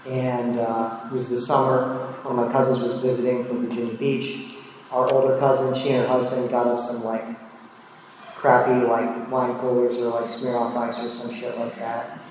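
Heard from far off in an echoey hall with slight background noise, a man in his thirties or older tells a personal drinking story. His voice is medium-pitched and a little mellow, with a flat delivery at normal speed. He's casual and self-deprecating, using many fillers.

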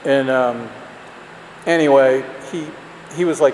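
A man's voice: mid-range voice, fairly quick. A man telling a candid, self-mocking personal story to an audience, rambling with lots of fillers. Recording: roomy hall, faint background noise.

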